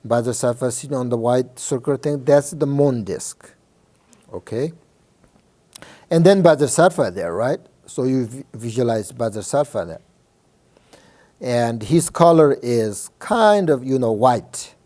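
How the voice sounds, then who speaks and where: Slow, soft-toned Buddhist teacher, a man. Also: medium pitch, lively intonation. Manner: halting, many fillers and restarts; checks in with listeners often. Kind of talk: informal dharma teaching.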